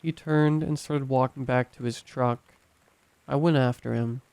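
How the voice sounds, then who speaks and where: Man, horror story narration, measured, tense, smooth resonant voice, mid pitch. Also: fairly even intonation, darkish tone, no echo.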